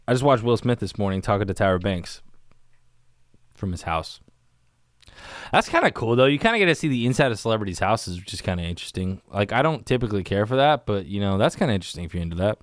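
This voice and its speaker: Man, podcast host, casual solo chat, laid-back, rambling, lowish voice, animated pitch, dry close studio mic. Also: fast talker, no echo. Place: small home studio. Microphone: studio microphone on camera.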